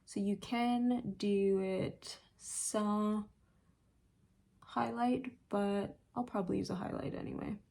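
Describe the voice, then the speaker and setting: Raspy-edged woman, slow chatty vlogger. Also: mid-range voice, steady tone, mellow, slight background noise. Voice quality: slightly rough voice. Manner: chatty, filler-heavy, slow. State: sore throat, still sick. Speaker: beauty vlogger. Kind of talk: casual makeup tutorial chat.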